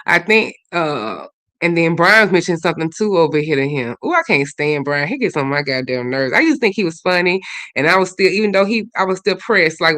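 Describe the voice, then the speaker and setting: A woman hosts a casual livestream, chatting and reacting to comments in a gossipy voice. Her tone is bright and forward, and the sound is close and dry with no room echo. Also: on the low side. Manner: chatty, gossipy, swings between loud and muttered. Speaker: livestream host.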